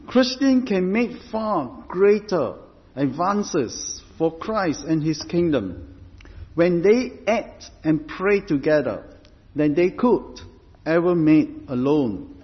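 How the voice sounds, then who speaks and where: A man preaching a sermon as pastor, deliberate and emphatic, stressing points through repetition. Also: high-pitched. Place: church. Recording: reverberant hall, dull lo-fi sound.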